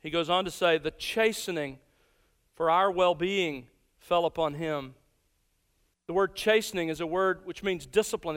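A man delivers a sermon in a high-pitched, smooth and resonant voice. He speaks deliberately and slows down to weigh each key word. His voice carries a long reverb from a large hall. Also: a bit bright. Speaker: preacher. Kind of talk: expository sermon.

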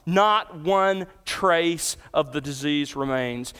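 A man preaching an expository sermon. He works through the verses emphatically, swelling on key points and dropping low for quotes. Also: slow, few pauses, bright, forceful tone, clear, resonant tone. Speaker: pastor.

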